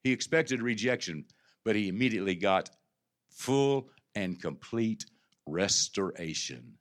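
A man preaching a sermon as pastor of his church, moving from low conversational talk to loud, impassioned climaxes with stammered restarts. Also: lively intonation, normal speed. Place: church sanctuary.

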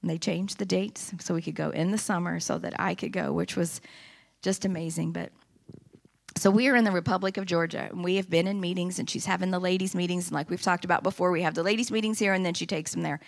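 A woman's voice: lowish voice, fairly even intonation, fairly quick, gravelly. A woman giving an impassioned sermon testimony in a church, rising into emphatic preaching. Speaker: church speaker. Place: church sanctuary.

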